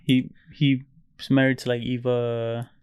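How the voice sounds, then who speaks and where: A young man in casual podcast chat who tells stories in a relaxed, loose way with casual swearing. His voice is smooth and clear, and the recording is dry and close. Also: medium pitch, a little slow, no room sound, lo-fi sound. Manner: relaxed storyteller, loose and profane. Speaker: podcast co-host.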